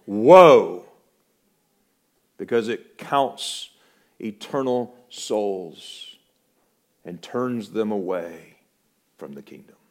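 A pastor preaching a sermon in a church, swinging between loud, emphatic proclamation and quiet, hushed warning. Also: male voice, fairly low pitch, slow pace.

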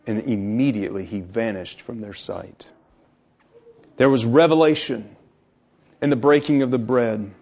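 A man preaching a sermon in an emphatic, repetitive way, slowing on key phrases and dropping to a near-whisper for stress. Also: mid-range voice, darkish tone.

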